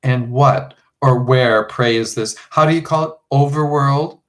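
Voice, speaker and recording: Sly coaxing enchantress queen, soft and sweet, mid pitch, read by a man. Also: a little slow, close to an everyday voice. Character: soothing, half-mocking enchantress queen. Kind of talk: audiobook character reading.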